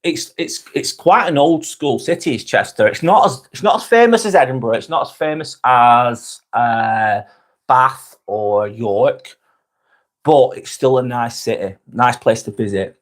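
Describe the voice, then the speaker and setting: On a casual live-stream, a middle-aged man from England talks with his viewers in a loose, repetitive, freely profane way. His voice is mid-range and a little slow.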